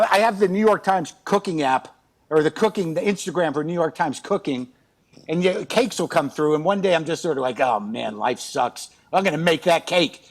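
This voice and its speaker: A middle-aged man telling comic stories in a rambling, exasperated, self-mocking way over a remote video call. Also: fairly high pitch. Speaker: guest. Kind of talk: comic storytelling chat. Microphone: remote video call from outside his house.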